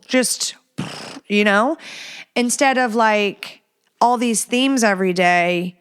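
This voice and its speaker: A woman's voice: a little high, slow, fairly bright tone, smooth. A woman in her thirties talks through a casual solo podcast from her home. Her talk is loose and rambling, full of self-mocking asides. Now and then she drops to a whisper. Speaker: podcast host.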